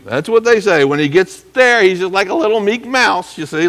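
A middle-aged man teaching from the Bible as a pastor, animated, acting out quotes and clearing his throat now and then. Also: high-pitched, fairly quick, few pauses, in a large hall.

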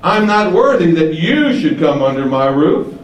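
Guy doing a humble army officer begging, high pitched, roomy echo. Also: very animated, measured pace. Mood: pleading. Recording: echoey room, distant mic, faint hiss.

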